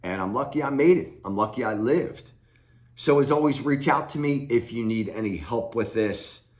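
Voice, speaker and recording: A man's voice: mid-range voice, normal speed, darkish tone. A middle-aged man giving blunt, plain-spoken advice straight to camera as a recovery coach. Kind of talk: direct-to-camera advice talk. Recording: echoey room.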